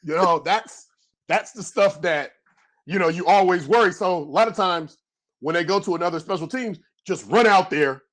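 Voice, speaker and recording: A middle-aged man, a former pro football player, telling loose, rambling stories in a casual podcast interview and acting out yelling coaches. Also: sits high, normal speed. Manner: animated storyteller, acts out coaches yelling; loose, rambling with many restarts.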